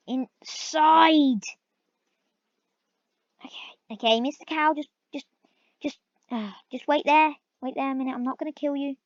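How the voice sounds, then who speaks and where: Slow-talking woman, gameplay commentary. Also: a little high, dry recording. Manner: chatty, talks to game animals, bursts of surprised exclaiming. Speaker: gaming video host. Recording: dull lo-fi recording, dry.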